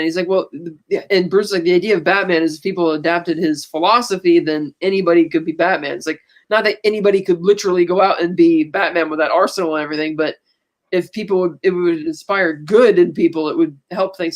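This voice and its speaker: Podcast lady chatting thru a movie recap, offhand quotes, easygoing. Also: fairly low pitch. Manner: retells a film plot, breezily quoting characters. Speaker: podcast co-host. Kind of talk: casual chat.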